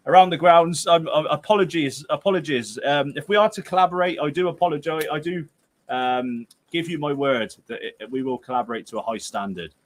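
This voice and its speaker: A man's voice: on the high side, fairly quick. A young man with a Gloucestershire and Herefordshire accent hosts a football livestream. He chats casually and reads out viewer comments. He jokes, rambles, sounds tired and breaks into playful outbursts. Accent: Gloucestershire/Herefordshire English. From England.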